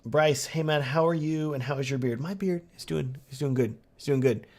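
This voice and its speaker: A man's voice: fairly high pitch, normal speed, a little mellow. Upbeat Texan man in a casual livestream Q&A. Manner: casual and upbeat, many fillers like "um" and "like". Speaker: wedding videographer hosting a livestream Q&A. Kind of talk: casual livestream chat answering viewer questions.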